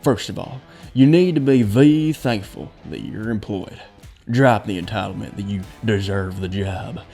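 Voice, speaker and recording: A man's voice: fairly low pitch, normal speed, vocal fry, warm tone, faint music behind. A man voicing a stern businessman in a put-on Southern accent, lecturing in a preachy, commanding way. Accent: attempted American Southern.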